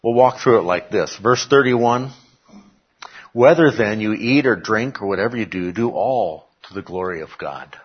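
A man's voice: fairly low pitch, expressive, normal speed, husky, dull audio. A man preaching a sermon in a conversational way, adding joking asides and often checking in with "okay?". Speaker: pastor.

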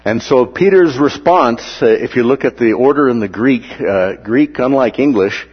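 A man's voice: mid-range voice, normal speed, husky, long reverb tail, muffled recording. A man teaching through a Bible passage in a conversational way, with many "uh" and "right?" asides, sometimes acting out the quoted voices.

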